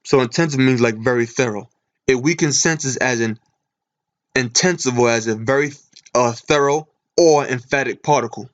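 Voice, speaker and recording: A man's voice: medium pitch, normal speed, dull audio. A man giving a Bible lesson from his computer screen, asking and answering his own questions as he reads. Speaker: Bible teacher. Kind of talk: screen-share scripture lesson.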